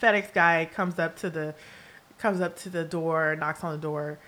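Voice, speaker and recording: A woman's voice: deep voice, normal speed. Profane, laughing woman podcast host. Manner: profane, candid, laughs often; animated storyteller with asides. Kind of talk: casual solo monologue.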